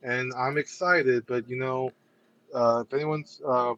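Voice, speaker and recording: A man's voice: medium pitch, steady tone, a little slow, a bit bright. Hesitant male guest on a dull line. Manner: hesitant, many filler sounds. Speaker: podcast guest. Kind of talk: casual chat.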